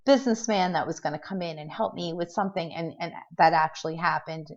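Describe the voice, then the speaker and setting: A woman's voice: lowish voice, fast talker. A middle-aged woman telling a personal story in a casual vlog, rambling with restarts and fillers and acting out what people said. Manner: tends to act out quotes in a lively way. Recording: dull lo-fi recording.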